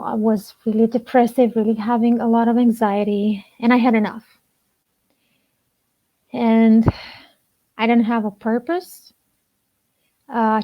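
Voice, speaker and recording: A woman relationship coach speaking slowly and deliberately to camera, soft-spoken with long pauses, in a personal talk. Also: on the high side. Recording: dull lo-fi sound.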